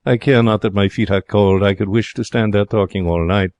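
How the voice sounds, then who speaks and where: A man playing an excitable young Frenchman. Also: lowish voice, fairly quick, no room sound, lightly acted. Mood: wistful. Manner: broken English, theatrical and emotional. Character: young excitable romantic Frenchman, former hotel cashier. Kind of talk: 1940s radio drama narration.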